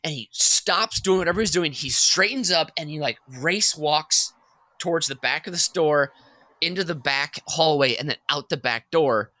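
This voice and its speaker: A man co-hosting a comedy podcast, telling a long workplace story in an animated, rambling way and laughing as he goes. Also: a little high, moderate pace, dry recording. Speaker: podcast co-host.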